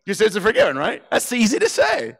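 A male preacher with a fairly high voice that swings widely up and down as he preaches. He tells the story playfully, acting out the characters' voices and laughing along with his congregation. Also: huge pitch swings, brisk, gravelly, a bit bright. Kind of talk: animated sermon with acted-out scenes. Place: church sanctuary.

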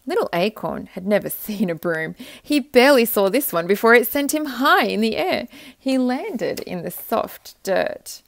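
Expressive woman reading a children's story. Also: mid-range voice, normal speed, no echo, studio quality. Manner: expressive, gentle. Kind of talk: children's storybook read-aloud.

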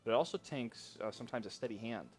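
A man casting a live esports match, chatty and easily excited, jumping up loud when surprised. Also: mid-range voice, fast, faint music behind. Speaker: esports caster. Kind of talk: esports play-by-play commentary.

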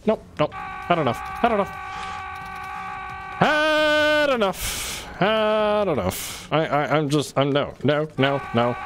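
A man streaming a game, ranting and swearing in exasperated, repetitive bursts. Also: fairly high pitch. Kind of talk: frustrated gameplay commentary. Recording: faint music behind.

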